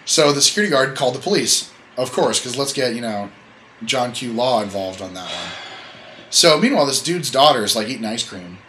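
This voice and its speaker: Hombre charlando con soltura en un pódcast, sonido con ligero ruido de fondo. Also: male voice, medium pitch, lively intonation, fairly quick, pushed and bright, a little hiss or hum, low-quality recording. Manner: rambling, self-correcting, joking storyteller. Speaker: podcast host. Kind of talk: casual podcast chat.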